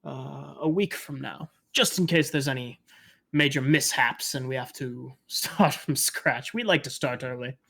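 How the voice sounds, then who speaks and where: A man's voice: mid-range voice, unhurried, gravelly, bright, forceful tone, heavily acted. A man voicing a hospitable male shopkeeper who chats and stammers a little. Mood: welcoming. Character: friendly male shopkeeper in a small town.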